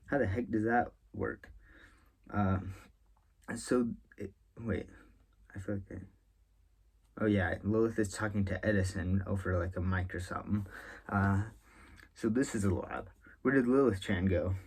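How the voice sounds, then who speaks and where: A man's voice: on the low side, measured pace, long pauses, slightly rough. A man reading a manga chapter aloud as a reviewer, rambling and correcting himself as he reacts. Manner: rambling, musing aloud with frequent filler and self-correction.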